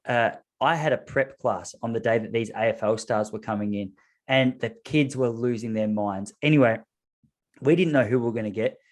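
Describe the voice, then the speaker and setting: A man's voice: mid-range voice, moderate pace. Chatty Australian man telling a story. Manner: animated storyteller, laughs often. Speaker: podcast host. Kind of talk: casual chat.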